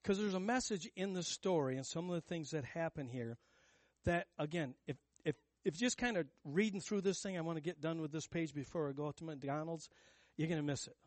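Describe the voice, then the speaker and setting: Guy preaching, chatty but emphatic, kinda high voice, dry sound. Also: animated, fairly quick, no echo. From United States. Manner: conversational, emphatic preaching with rhetorical questions to the congregation. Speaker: pastor. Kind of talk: sermon.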